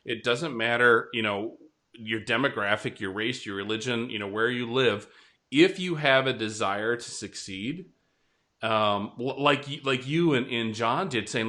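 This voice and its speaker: A man hosting a casual interview chat, energetic and quick, often checking in with "right?". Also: medium pitch. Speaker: host.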